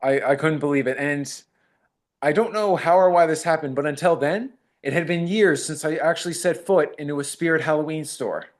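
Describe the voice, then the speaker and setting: A man's voice: fairly high pitch, a little fast. A man, an actor, talking modestly in a casual interview and retelling fan encounters with quoted dialogue. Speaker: actor guest.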